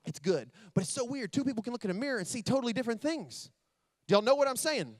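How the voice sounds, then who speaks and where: High-voiced man giving a convention keynote. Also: fast, no echo. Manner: builds to loud excited storytelling. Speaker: motivational speaker. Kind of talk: motivational keynote speech. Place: convention stage.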